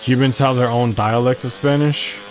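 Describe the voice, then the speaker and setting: In this let's-play clip, a gameplay commentator chats his way through a video game, rambling and quizzing himself as he goes. His voice is mid-range and a little mellow, delivered at a normal speed over slight background noise.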